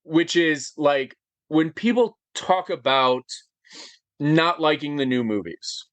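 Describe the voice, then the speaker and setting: A man in his forties, an interview guest, telling a personal story with lots of fillers, animated and getting choked up as he goes. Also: a little high, slow pace, no echo. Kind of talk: emotional storytelling in conversation.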